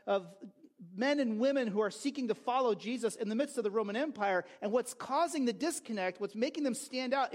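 A man preaching a sermon as pastor, in a conversational way with quick asides and restarts. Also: extremely high pitch.

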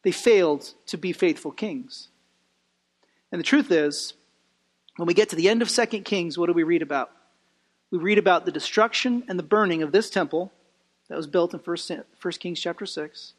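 A man with a high voice preaches a sermon, earnest and pressing his points with rhetorical questions. His words ring out with the long reverb of a church sanctuary. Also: a little fast.

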